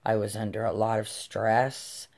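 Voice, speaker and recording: Very low-voiced woman telling a story. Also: little pitch movement, a little slow, a little mellow. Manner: blunt, swears freely, laughs while telling. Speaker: vlogger. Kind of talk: casual storytelling.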